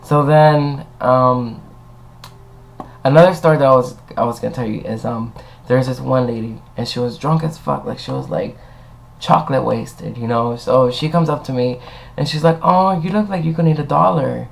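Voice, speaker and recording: Young dude rambling into his webcam, gravelly voice, swears a lot. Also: medium pitch, steady tone, moderate pace, rough recording. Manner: rambling, swearing, laughing between stories. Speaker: vlogger. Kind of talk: casual chat.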